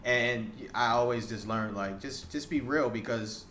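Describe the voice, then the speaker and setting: A young man in a casual interview, an animated storyteller who acts out what other people said. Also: medium pitch, a little slow, reverberant, a loud crowd. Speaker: podcast guest, wrestling photographer.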